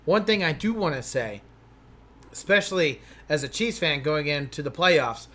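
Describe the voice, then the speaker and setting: A man's voice: on the high side, lively intonation, normal speed, bright, forceful tone. A man co-hosting a sports talk show, reading out viewer comments and chatting casually. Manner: reads comments, chatty and agreeable.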